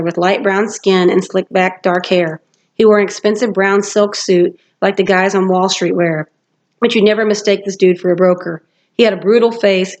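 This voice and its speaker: A woman's voice: medium pitch, a little mellow, muffled recording. A woman teacher reading a novel aloud to her class, steadily and with occasional self-corrections. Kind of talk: storybook read-aloud narration.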